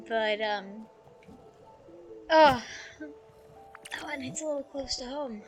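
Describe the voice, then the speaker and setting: A woman streaming a video game live, chatting casually in a soft, emotional way with many fillers. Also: sits high, takes it slowly, pauses often, faint music behind. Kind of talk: casual live gameplay commentary.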